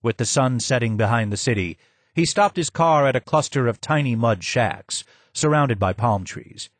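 A man reading scripted audiobook narration in a measured, even way. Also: medium pitch, no room sound.

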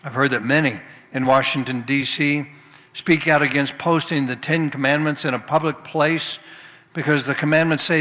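Preaching at normal speed, this man has a slightly high voice with a steady, sharp tone. Long hall reverb surrounds his folksy storytelling, which features humorous anecdotes leading into scripture and the odd restart.

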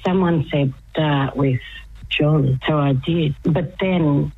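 An older woman telling her story as a radio guest, animated and laughing often. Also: deep voice, takes it slowly, husky, phone-quality sound. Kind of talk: casual phone-in chat.

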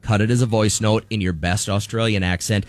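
A man's voice: on the low side, fairly even intonation, a little fast. A man co-hosting a morning radio show, explaining contest rules in upbeat banter.

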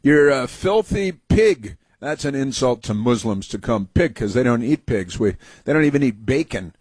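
A man's voice: mid-range voice, brisk, a little mellow, slightly rough, no echo. A male talk radio host giving scornful, sarcastic political commentary in a rambling way.

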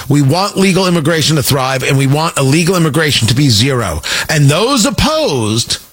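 A man's voice: a little high, husky. A man hosting a political talk radio show, delivering an emphatic, sarcastic monologue.

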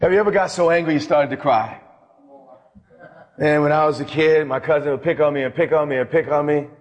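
A male pastor with a fairly high voice, preaching with dramatic pauses and sudden bursts of speed. His sermon rings through a church sanctuary with a long hall reverb. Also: highs cut off.

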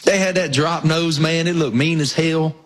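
A man's voice: a little high, fairly even intonation, normal speed, rough recording. A man from the Southern US co-hosting a sports radio show, joking and enthusiastic, teasing himself about retelling stories. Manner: enthusiastic, joking and self-deprecating. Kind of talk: casual chat.

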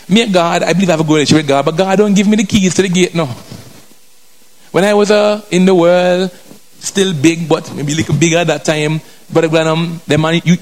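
A male preacher giving an emphatic sermon with colloquial turns, repeating phrases and checking in with the congregation. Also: fairly high pitch. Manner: drifts in and out of a colloquial vernacular.

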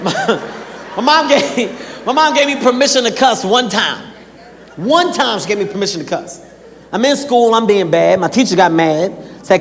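A man performing a stand-up comedy set, telling animated stories and acting out characters with sudden shouts, in a large live venue. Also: sits high, moderate pace. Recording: echoey live hall with crowd noise. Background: audience laughter.

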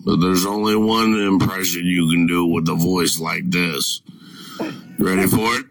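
A middle-aged man from the Midwest with a very low, rough, gravelly voice, easing through his words at an unhurried pace. He talks in a folksy, chuckling way. The recording is dry and close. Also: steady tone, a bit bright, dry recording. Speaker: caller. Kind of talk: voicemail to a radio show.

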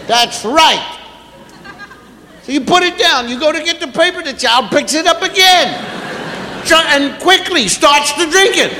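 A man performing a stand-up comedy routine, animated and repetitive as he mimics exasperated parents. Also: very high-pitched, normal speed, a little hiss or hum. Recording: echoey theater with long reverb.

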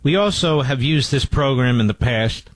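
A man's voice: medium pitch, lively intonation, normal speed, no room sound, poor audio. A man hosting a talk radio show, speaking emphatically and repeating key points for stress.

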